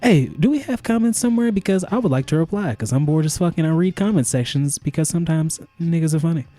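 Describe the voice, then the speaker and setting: A man co-hosts a loose, profane podcast, and his voice jumps all over as he jokes. His tone is dark and mellow. Faint music sits underneath. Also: on the high side, quick pace. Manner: joking, profane, animated. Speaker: podcast co-host. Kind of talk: casual chat.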